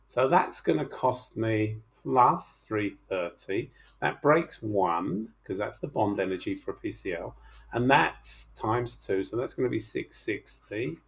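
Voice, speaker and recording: A man's voice: on the low side, animated, measured pace, creaky. A middle-aged man teaching chemistry in an online class, talking through problems in a chatty, teasing way and coaxing his students to speak up.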